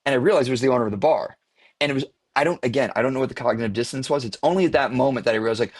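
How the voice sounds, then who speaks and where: A man's voice: mid-range voice, fast talker, husky, no room sound. A man from the American Midwest, an actor guest, animatedly telling an on-set story in casual podcast chat. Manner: animated storyteller who laughs at his own tale.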